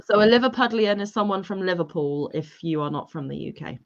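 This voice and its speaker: A woman's voice: on the low side, lively intonation, a little fast, lo-fi sound. A woman from Devon, co-hosting a casual livestream, playful and chatty as she reads out chat messages. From England (Devon). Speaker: livestream co-host. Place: home livestream.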